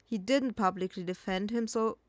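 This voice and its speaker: A woman's voice: mid-range voice, normal speed, no echo. Blunt, sarcastic woman reacting late at night. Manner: blunt, sarcastic, swears freely. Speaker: reaction commentator. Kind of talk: casual reaction commentary.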